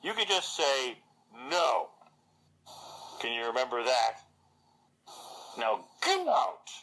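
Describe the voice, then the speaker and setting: A man voicing a blunt, fierce woman leader who speaks with a defiant, commanding tone in a high pitch. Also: wildly swooping pitch, takes it slowly, bright, forceful tone, exaggerated voice, rough recording. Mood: scornful.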